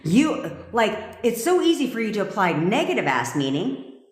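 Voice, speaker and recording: A woman's voice: medium pitch, sing-song, normal speed. A woman manifestation coach talking to her live stream audience, blunt and emphatic, swearing freely. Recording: echoey room with long reverb.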